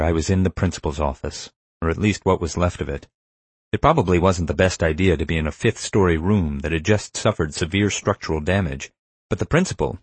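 A man's voice: sits low, breathy edge, no room sound. A man reading a first-person story aloud as an audiobook narrator, with dry, wry delivery.

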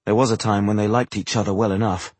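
A man's voice: fairly low pitch, fairly even intonation, fast, darkish tone, no room sound, natural voice. A man putting on a scornful proud sorceress. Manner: blunt, scornful.

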